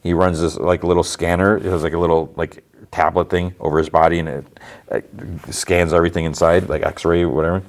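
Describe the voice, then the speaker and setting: Deep-voiced man rambling through a recap. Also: fairly quick. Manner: rambling, animated retelling with many fillers and restarts. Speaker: podcast host. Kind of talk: casual episode recap.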